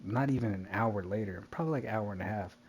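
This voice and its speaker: A man telling a wild story in casual chat while gaming, animated and profane, laughing often. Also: lowish voice, fast, a little hiss or hum.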